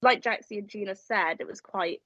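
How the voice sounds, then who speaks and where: A woman chatting as a guest on a podcast. She swears a lot, and her voice jumps high when she rants. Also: moderate pace, sharp tone, no room sound. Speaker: special guest. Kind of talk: casual podcast chat. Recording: dry, muffled audio.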